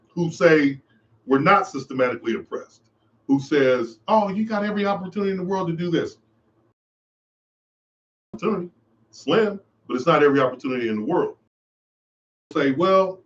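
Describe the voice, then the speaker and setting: A man's voice: mid-range voice, dull audio. A man hosting his own podcast, giving an impassioned, preachy monologue and repeating his phrases for emphasis. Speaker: podcast host. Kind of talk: monologue commentary.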